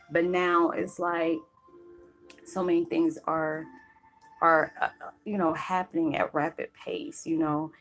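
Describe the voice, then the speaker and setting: Her fairly low, slightly bright voice holds a steady tone at a measured pace as she opens up to camera about her spiritual path. She rambles, leans on fillers, and sounds choked up and on the verge of crying. The low-quality recording carries faint background music.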